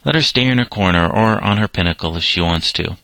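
Man voicing a storybook schoolgirl, indignant, sulky, deep, bright. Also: lively intonation, fast talker, gravelly, no echo, exaggerated voice, rough recording. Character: schoolgirl daughter, proud and a little sulky.

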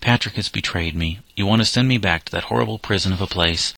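A sullen seventeen-year-old runaway, bitter and resentful in every protest, as a man reads him in a storybook. The voice sits very low, with a bright, forceful edge, and the recording is close and dry. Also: fast, vocal fry, no echo, heavily acted. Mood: defiant.

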